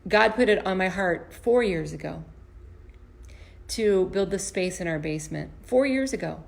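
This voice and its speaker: A woman's voice: fairly low pitch, expressive, a little slow, vocal fry. A woman, an empowerment coach and comedian, giving a motivational talk to camera from her home basement, earnest and storytelling, often restarting and repeating words. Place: home basement performance space.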